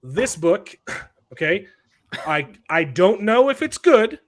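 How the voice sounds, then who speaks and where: A man's voice: high-pitched, very animated, slow. A man hosting a podcast in casual chat, rambling and repeating words as he starts his sentences. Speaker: podcast host.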